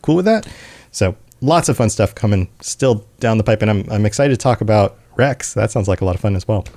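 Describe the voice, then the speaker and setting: A man's voice: fairly low pitch, lively intonation, brisk, darkish tone. A man hosting a podcast, chatting casually and laughing often as he wraps up the episode. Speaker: podcast host. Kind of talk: casual chat.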